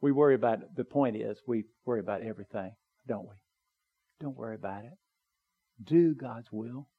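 Earnest preacher, swelling then hushed. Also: male voice, on the low side, quick pace, slightly rough, phone-quality sound. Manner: earnest, rising to emphatic pleading, then dropping soft; conversational with small asides. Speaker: pastor. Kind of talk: sermon. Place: church sanctuary, also live streamed.

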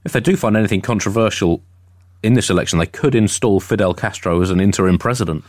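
A low-voiced man co-hosting a satirical comedy podcast, spinning absurd riffs in a deadpan tone. The sound is dry and close, with no room around him. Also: fast talker, no echo. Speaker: co-host.

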